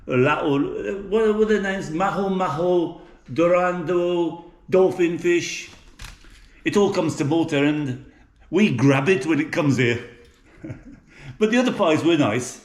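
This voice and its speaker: A man's voice: a little high, animated, a little slow, roomy sound. A middle-aged man from England with an English accent, chatting casually in a home kitchen with many fillers and restarts. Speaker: cooking vlogger. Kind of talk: casual chatty cooking vlog.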